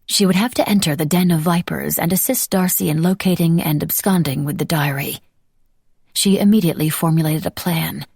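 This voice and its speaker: Low, gravelly woman narrating a romance. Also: darkish tone, no echo, clean studio sound. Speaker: audiobook narrator. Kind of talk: scripted audiobook narration.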